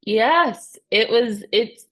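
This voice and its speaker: A woman in her thirties, a podcast guest telling her story with earnest, animated energy. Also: on the high side, very slow. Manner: earnest, animated retelling with many "you know" and "right?". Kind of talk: conversational interview storytelling.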